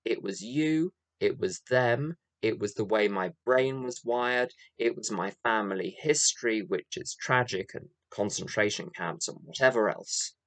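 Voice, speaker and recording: An older English AA speaker tells his recovery story in a meeting room, candid and self-mocking, built on rhythmic repeated phrases. His voice is on the low side and a bit bright; he's unhurried yet hardly pauses, and there's no echo.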